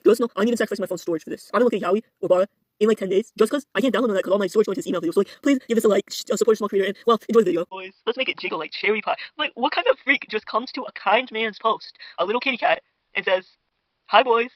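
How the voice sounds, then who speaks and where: This is a young man rambling through a parody drama commentary, gossipy and pretending to be outraged, stuffing his talk with fillers and remarks to his audience. His pitch sits high and he speaks very fast. Recorded dry and poorly on a podcast mic at a home dinner table.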